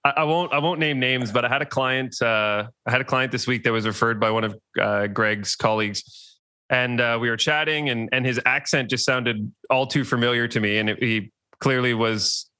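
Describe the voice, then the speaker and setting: A man co-hosting a podcast, telling stories in a relaxed, chatty way and laughing easily. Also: medium pitch, moderate pace, smooth, no echo. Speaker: podcast co-host. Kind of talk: casual chat.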